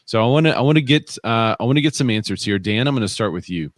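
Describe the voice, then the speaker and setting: A man's voice: mid-range voice, animated, fast talker, dry recording. A man co-hosting a live real estate show, chatting casually and reading viewer comments aloud. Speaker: podcast co-host.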